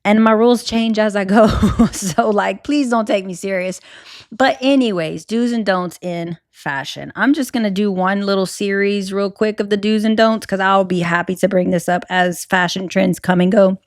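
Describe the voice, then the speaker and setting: A woman's voice: mid-range voice, fairly even intonation, moderate pace, no echo, studio quality. A young woman with a Cajun accent hosting a solo podcast, talking candidly with lots of fillers and restarts. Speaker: podcast host.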